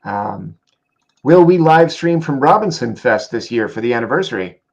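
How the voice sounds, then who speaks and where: A man co-hosting a casual livestream chat, reading out viewer comments with quick asides. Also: mid-range voice, expressive, gravelly, darkish tone, muffled recording. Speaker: co-host reading viewer questions.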